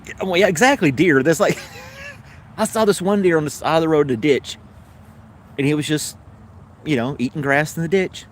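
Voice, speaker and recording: With a voice on the high side, normal speed and long pauses, a middle-aged man with a Southern American accent hosts a casual live stream over slight background noise. He tells rambling anecdotes full of fillers, restarts and self-corrections, laughing readily and talking with viewers.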